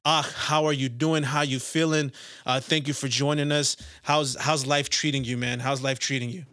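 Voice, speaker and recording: A man hosting a casual football podcast, talking in an excited, emphatic way and swearing for emphasis. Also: mid-range voice, moderate pace, dry recording. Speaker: podcast host. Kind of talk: casual sports podcast chat.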